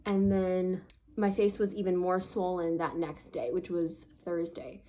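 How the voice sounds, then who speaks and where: This vlogger's voice is low, steady and dark, her pace measured, and the recording is rough. She shares a personal story to camera through a sore, swollen face, chatty and casual with plenty of "like." Her reflection is sincere and faith-minded.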